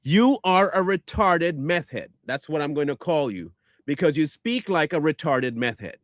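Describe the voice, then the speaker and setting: A man's voice: on the high side, lively intonation, normal speed, no room sound. A man ranting back at viewer comments in a combative, sarcastic, insulting way. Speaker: online commentator.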